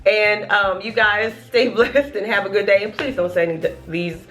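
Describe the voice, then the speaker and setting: A young pregnant woman vlogging a casual rant, animated and laughing as she acts out what people say to her. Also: medium pitch, normal speed, soft background music.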